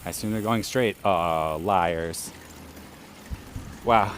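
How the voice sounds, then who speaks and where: A bike livestreamer with a low-pitched but fairly bright voice speaks slowly while riding outdoors. He chats casually, laughs often and greets viewers, recorded through a camera rig on the bike with a little hiss or hum.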